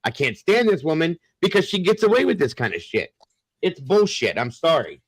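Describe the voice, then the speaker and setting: A man's voice: a little high, very animated, moderate pace, husky, dry recording, poor audio. A man hosting a casual chat who turns blunt and profane when he gets heated. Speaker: host.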